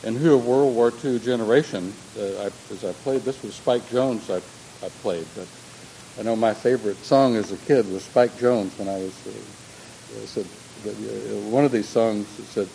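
Older man, mellow dark voice, reflective lecture talk, restarts and asides, faint hiss behind. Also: on the low side, normal speed, creaky, low-quality recording. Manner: thoughtful, with frequent restarts and asides. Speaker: speaker on humor and religion.

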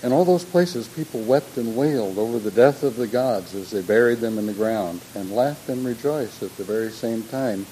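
A man's voice: mid-range voice, moderate pace, few pauses, dark tone, a little hiss or hum, low-quality recording. An older man speaking in a thoughtful, lecture-like way, with frequent restarts and personal asides. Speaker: speaker on humor and religion. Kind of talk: reflective lecture-style talk.

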